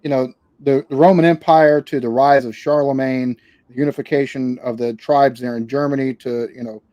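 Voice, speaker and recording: An American man guests on a casual interview podcast, where he's a reaction channel creator. He rambles, restarts often, and swears casually, in a mellow, steady, medium-pitched voice at a moderate pace with no echo.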